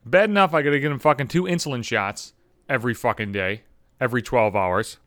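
A man hosting a podcast, ranting with constant swearing, swinging between exasperated high-pitched outbursts and low mutters. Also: a little fast, a bit bright, no room sound, clean studio sound. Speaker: podcast host. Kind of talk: profane comedic rant.

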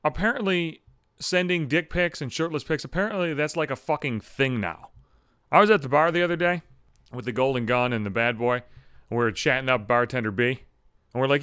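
A man hosting his own show, telling a profane comic story in an animated rant and swearing freely. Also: a little high, fairly quick, no room sound, clean studio sound. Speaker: host.

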